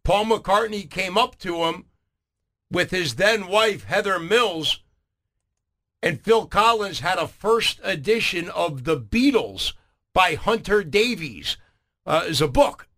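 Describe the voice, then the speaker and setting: A man hosting a morning radio show, retelling stories in a chatty, animated way. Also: sits high, slow pace. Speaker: radio host.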